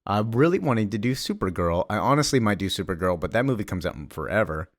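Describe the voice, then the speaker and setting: A man retells a comic story casually, rambling with many fillers. His voice is fairly low. The sound is dry and close. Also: animated, fast, no echo. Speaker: comic recap creator.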